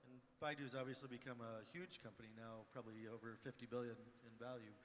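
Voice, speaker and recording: A man hosting an onstage fireside chat, asking brief questions with quick asides. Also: mid-range voice, steady tone, slight background noise. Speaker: host and interviewer. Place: conference stage. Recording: reverberant hall.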